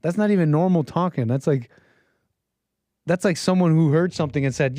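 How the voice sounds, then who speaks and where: A man's voice: a little high, brisk, mellow, dry recording. A man hosting a call-in show, giving casual, mocking, incredulous commentary as he reacts to text he reads aloud. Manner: incredulous and mocking, with frequent chuckles.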